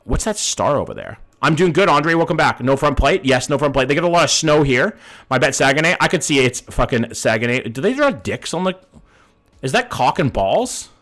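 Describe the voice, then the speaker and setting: A man streams a game live, talking it through in a loose, casual way and answering his chat as he goes. His voice sits at an ordinary middle pitch, and he drops the odd swear word. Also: sing-song, a little fast, fairly bright tone. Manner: casual, thinks aloud, greets chat, swears.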